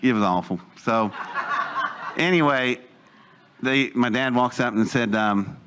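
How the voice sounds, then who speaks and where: An older man with a mid-range voice tells a long personal life story to a live audience at a measured pace, with noise in the background. His easy, unpolished telling rambles onto tangents, circles back to fill in gaps, and is dotted with chuckling asides.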